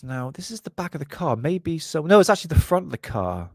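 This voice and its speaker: A man's voice: on the high side, sing-song, a little fast, no echo, clean studio sound. A man hosting a casual vlog, giving crude, joking commentary on paranormal photos and laughing often. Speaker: channel host.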